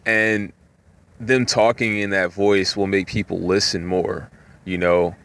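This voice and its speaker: A man talking in a rambling, casual monologue, full of "you know" fillers, sometimes jumping up in pitch to act out voices. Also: level tone, unhurried, a bit bright. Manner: acts out voices with jumps in pitch.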